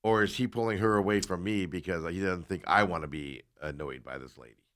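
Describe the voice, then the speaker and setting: A man on a talk show, casually telling a long story and animatedly acting out the people in it, sometimes dropping into quiet asides. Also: deep voice, fairly quick. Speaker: co-host.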